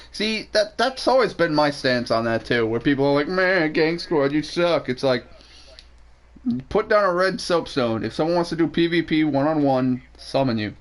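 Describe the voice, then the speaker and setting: A young man streams a game and jokes crudely with his friends. His voice sits a bit high and swings widely up and down. He thinks out loud about weapon stats. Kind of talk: casual gaming chat.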